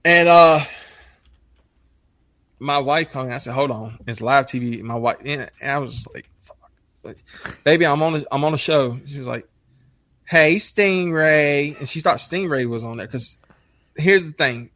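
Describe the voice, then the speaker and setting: A man telling profane, rambling stories in a casual podcast chat, his voice shooting up high when he gets worked up. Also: moderate pace, pauses often, a bit bright, no room sound.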